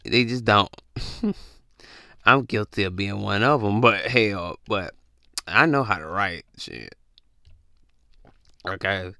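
A man rants casually into a close, dry microphone. His voice is bright and carries a gravelly edge, and he jumps into high, startled voices to mimic people texting back. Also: takes it slowly, long pauses, dry recording. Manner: animated, acts out confused texters in jumpy high voices. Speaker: podcast host. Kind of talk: casual comedic rant. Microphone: close mic.

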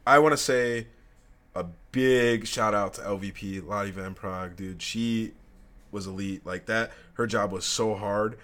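A man's voice: on the low side, a little slow, fairly bright tone. A young man co-hosting a gaming podcast, chatting casually and telling stories with plenty of swearing. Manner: casual, profane, storytelling. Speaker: podcast co-host. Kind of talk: casual chat.

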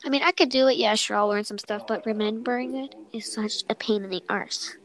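Giggly, rambling young woman, high voice. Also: fairly even intonation, a little fast, fairly bright tone, low-quality recording. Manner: giggly, rambling, self-interrupting. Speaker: podcast co-host. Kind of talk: casual chat.

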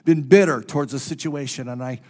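With a mid-range voice and a brisk pace, a male preacher shares a personal story in his sermon. He alternates between booming and hushed tones and repeats key phrases.

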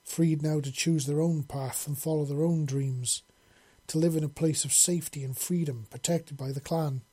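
Affectionate young woman as a male narrator puts her on, effusive, lifted pitch, husky. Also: steady tone, normal speed, mellow. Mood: warm. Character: warm emotional young human woman, affectionate.

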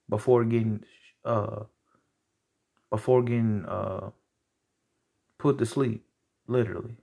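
Gravelly young guy ranting on his podcast, blunt n heated, swears a lot. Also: fairly low pitch, steady tone, a little slow, pauses often, dark tone. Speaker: podcast host. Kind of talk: casual rant.

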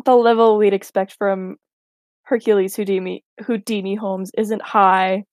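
A woman's voice: medium pitch, level tone, unhurried, a little mellow, dry recording. A woman co-hosting a podcast, recapping a film in casual chat with dry, wry remarks. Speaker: podcast co-host.

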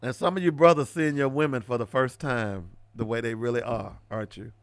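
A man's voice: fairly quick, no room sound. A man hosting a radio talk show, ranting and mocking his listeners in casual commentary. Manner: preachy, ranting, mocking, switches between loud rants and low asides.

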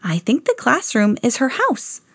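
A woman voicing a curious, confident young schoolgirl in a read-aloud storybook, in an earnest, measured way. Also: on the high side, wildly swooping pitch, a bit bright, no room sound, studio quality, voice pushed up, full character voice.

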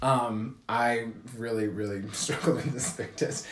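A man's voice: medium pitch, a little slow. A young man in his twenties co-hosting a casual podcast, telling a story with lots of swearing and acted-out quotes. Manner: profane, animated storytelling with mimicked quotes. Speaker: podcast co-host. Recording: echoey room.

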